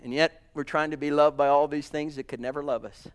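Fervent high-voiced male preacher. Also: fairly even intonation, a little fast, clear, resonant tone. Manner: fervent, swinging from loud exclamations to hushed asides. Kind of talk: sermon.

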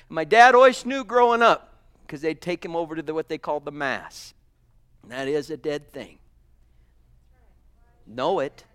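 A man preaching a sermon, fervent, swinging between loud exclamations and hushed asides. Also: high-pitched, smooth.

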